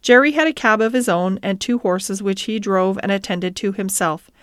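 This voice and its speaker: A woman reading a classic novel aloud as scripted narration, in a gentle, even storytelling manner with lightly voiced dialogue. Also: medium pitch, normal speed, clear, resonant tone, dry recording, studio quality. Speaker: audiobook reader.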